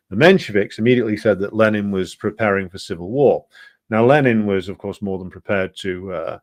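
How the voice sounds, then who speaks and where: A man with a fairly low voice lectures on history in an earnest, explanatory way. He talks off the cuff and stumbles often into ums and half-finished restarts. The sound is close and dry, with no room in it. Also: dry recording. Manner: halting, with frequent ums and restarts. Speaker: presenter of a political history programme. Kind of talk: unscripted explanatory talk.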